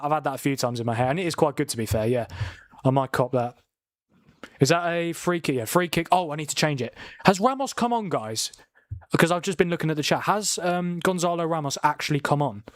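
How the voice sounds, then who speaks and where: A young man hosting a live football watchalong from home, chatty and excitable, jumping to loud calls at big chances. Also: on the high side, no room sound, clean studio sound. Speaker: watchalong host. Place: room at home, family downstairs.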